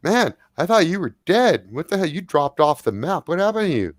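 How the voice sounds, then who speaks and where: A loud, back-slapping punk fixer in a sharp suit, swearing freely and pushing for work, as a man puts him on. The voice sits higher than the man's own and jumps around. It sounds dry and close. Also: very animated, a little fast, no echo. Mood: brash. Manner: profane, back-slapping, pushy.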